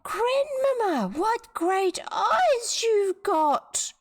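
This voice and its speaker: A woman with a New Zealand accent voicing an innocent little girl, pitching her voice well up and asking slowly in wonder. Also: very animated, exaggerated voice. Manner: high, slow, wide-eyed questioning.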